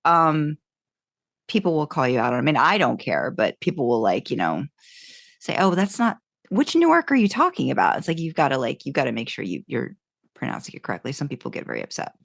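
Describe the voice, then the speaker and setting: A woman's voice: extremely low pitch, expressive, fast, gravelly, a bit bright, no echo, clean studio sound. A woman co-hosting a fan podcast, chatting casually and rambling through her thoughts. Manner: rambling, restarts, upbeat. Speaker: podcast co-host.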